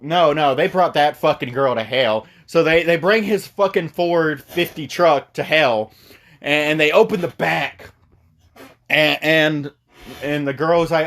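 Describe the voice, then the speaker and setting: A man's voice: on the high side, moderate pace, a bit bright. A young man recapping a movie in a rambling, profane, stumbling comic style. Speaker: video host recapping a movie.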